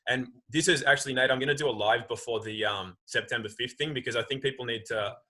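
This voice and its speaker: A man with a bright, forceful voice makes his case with emphatic energy. He talks over a video call in a casual interview. His pitch sits in an ordinary middle range. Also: quick pace, poor audio. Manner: emphatic, animated, acts out quoted voices. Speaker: guest. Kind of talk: casual conversation.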